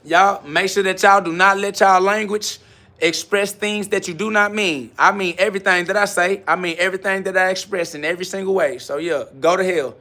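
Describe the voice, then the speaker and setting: A man's voice: sits high, steady tone, fairly quick, pushed and bright. A man hosting a live stream from his garage gym, answering viewer comments in a brash, boastful, repetitive rant. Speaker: livestream host.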